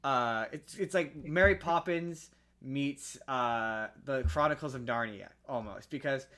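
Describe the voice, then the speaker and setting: Bright-voiced man hosting casual chat. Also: mid-range voice, measured pace. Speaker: podcast co-host.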